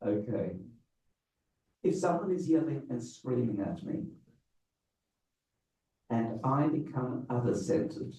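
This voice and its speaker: A man, a rabbi, giving a public lecture with slow, deliberate, emphatic phrasing. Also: medium pitch, mellow, distant mic. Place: event hall with a live audience. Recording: roomy, slightly muffled hall sound.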